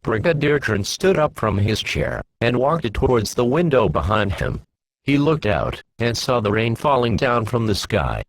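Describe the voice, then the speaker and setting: A man narrating his own science-fiction fan story aloud in a plain, steady reading voice. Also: mid-range voice, a little slow, a little hiss or hum, poor audio.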